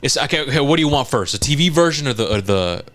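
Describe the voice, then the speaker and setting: A man co-hosting a casual podcast, retelling a scene in animated detail, acting out lines and swearing often. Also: mid-range voice, fast talker, a little hiss or hum. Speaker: podcast co-host.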